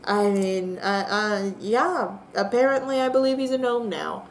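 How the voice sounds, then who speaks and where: A young woman narrating a text adventure game with bemused, drawn-out comic disbelief. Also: medium pitch, slight background noise. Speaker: player and narrator.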